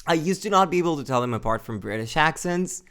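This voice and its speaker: Young male streamer, casual and rambling, smooth resonant voice, salty and self-mocking. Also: a little high, expressive, fast talker, fairly bright tone. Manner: rambling, swears a lot, answers chat; self-deprecating, laughs often. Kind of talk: casual live-stream chat.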